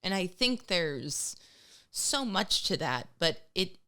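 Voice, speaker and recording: Speaking slowly in a lowish, sing-song voice that is bright, forceful and smooth, a middle-aged woman co-hosts a podcast. She chats casually and emotionally, sometimes near tears, and imitates the voices of people she quotes.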